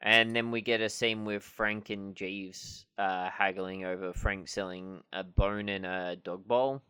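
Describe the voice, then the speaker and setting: Man, podcast co-host, low, bright and smooth, dry recap delivery. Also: steady tone, unhurried. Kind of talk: casual chat.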